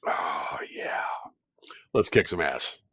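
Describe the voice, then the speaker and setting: A man chatting casually as a podcast guest, rambling and relaxed with lots of fillers. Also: deep voice, slow, dry recording, whispered. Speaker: podcast guest, dungeon master.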